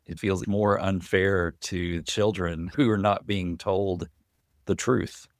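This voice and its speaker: Low-voiced man, dry close mic. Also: steady tone, slow pace, no echo. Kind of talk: casual conversation.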